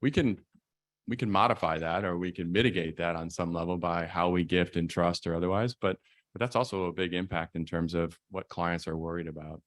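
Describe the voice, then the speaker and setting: Deep-voiced male attorney explaining calmly. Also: fairly quick, no room sound, clean studio sound. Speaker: estate planning attorney. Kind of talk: conference presentation.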